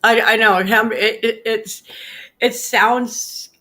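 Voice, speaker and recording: A woman's voice: fairly high pitch, steady tone, pushed and bright. A woman co-hosting a casual chat who laughs easily. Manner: giggly, quick to laugh. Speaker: co-host.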